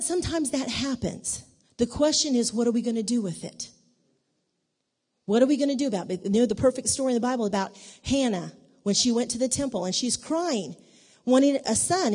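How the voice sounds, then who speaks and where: A woman giving a conversational church teaching in an animated way, acting out the dialogue in her stories. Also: a little high. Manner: animated, acts out quoted dialogue. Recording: long reverb of a large hall.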